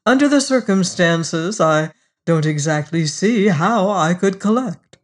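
A fussy male devil haggles over a soul, voiced lightly by a storybook narrator. He sounds hesitant and peevish, and his lines are slow and careful. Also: medium pitch, lively intonation, natural voice. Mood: fussy, uneasy. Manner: hesitant, then brisk and peevish. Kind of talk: storybook reading.

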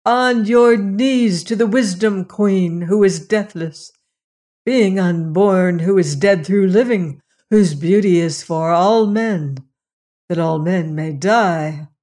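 A narrator voicing a distant, commanding cult voice that declaims slowly and solemnly. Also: medium pitch, darkish tone, close to an everyday voice.

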